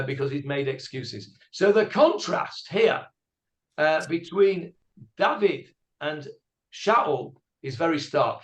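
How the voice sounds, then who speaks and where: A man teaching a Bible class as a rabbi, animated, with hesitant fillers. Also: sits high.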